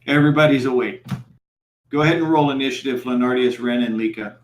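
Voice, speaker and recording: A man narrating as game master for a tabletop game, in a halting style full of fillers. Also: mid-range voice, echoey room.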